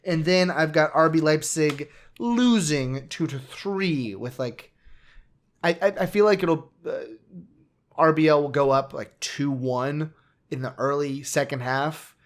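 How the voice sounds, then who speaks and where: A man co-hosting a relaxed football podcast, chatting through his match picks. He rambles a little, pokes fun at himself and trails off mid-thought. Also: fairly high pitch, a little slow. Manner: chatty, self-mocking, trailing off. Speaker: podcast co-host. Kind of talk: casual sports chat.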